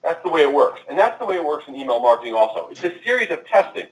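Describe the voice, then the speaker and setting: A man giving a marketing presentation at a conference, talking fast and addressing the audience directly. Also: on the high side, sing-song. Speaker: conference speaker. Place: conference room. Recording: echoey and distant from the mic.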